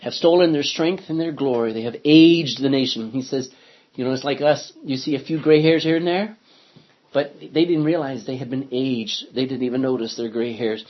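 A man's voice: mid-range voice, moderate pace. A man, a pastor, teaching an interactive Bible study, reading scripture aloud and asking the class questions. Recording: dull lo-fi recording.

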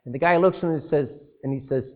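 A man preaching a sermon, animated, asking the congregation rhetorical questions and breaking into asides. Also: on the high side, quick pace. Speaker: pastor. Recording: tinny phone-like lo-fi sound.

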